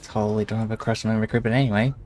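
Excitable stammering man over noisy voice chat. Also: lowish voice, racing. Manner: excitable, apologetic, stammering restarts. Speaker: gaming friend. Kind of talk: casual gaming chat.

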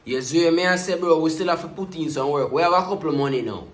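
Animated Jamaican man in a roomy recording. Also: a little high, fast talker. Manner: Jamaican patois, animated, constant catchphrase refrains. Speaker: music reaction YouTuber. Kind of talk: casual music reaction commentary.

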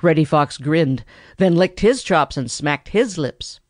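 Lively expressive storybook narrator. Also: mid-range voice, unhurried, no room sound, clean studio sound. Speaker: audiobook narrator.

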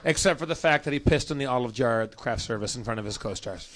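A man's voice: medium pitch, fast, a bit bright. Man with dry, teasing quips. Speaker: podcast co-host. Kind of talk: casual comedic chat.

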